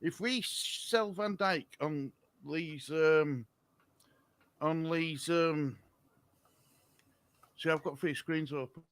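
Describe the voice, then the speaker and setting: A man's voice: a little high, slow pace, pauses often, a bit bright, no echo. A man, co-hosting a casual live stream, chatty with viewers and flustered by the technology. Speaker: stream co-host.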